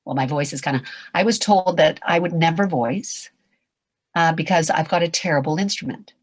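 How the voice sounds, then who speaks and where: An older woman whose voice is raspy, nasal and low-pitched speaks at normal speed in a dry recording. As a voice acting coach on a video call, she delivers a passionate motivational talk, swinging between loud and whispered.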